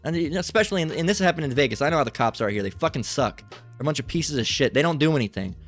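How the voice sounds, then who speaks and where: A man's voice: a little high, animated, rapid-fire, soft background music. A man hosting a commentary channel, ranting angrily and swearing constantly as he reacts to a clip. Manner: profane, ranting, restarts often. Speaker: channel host. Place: lives in Las Vegas.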